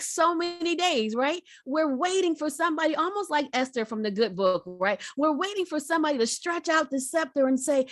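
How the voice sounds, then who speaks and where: High-voiced motivational woman with lilt. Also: no room sound, studio quality. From Virginia, United States. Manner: lively, preacherly, talks straight to the audience. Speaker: guest speaker. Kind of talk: motivational talk.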